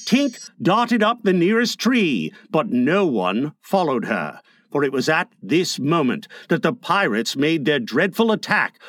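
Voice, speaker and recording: A man narrating a storybook aloud with an expressive, lilting delivery. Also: high voice. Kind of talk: storybook reading.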